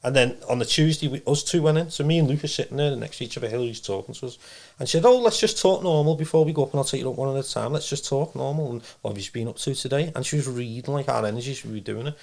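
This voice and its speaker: Male guest, rapid rambling storyteller, medium voice. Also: mid-range voice, creaky. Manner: rambling, animated storytelling with acted-out quotes. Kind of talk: casual storytelling interview.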